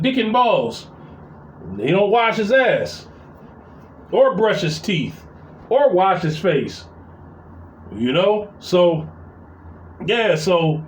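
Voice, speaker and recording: A middle-aged man telling a long, profane story about his family, rambling and full of fillers and repeats. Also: sits high. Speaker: vlogger venting about family. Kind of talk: casual storytelling rant. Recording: roomy echo.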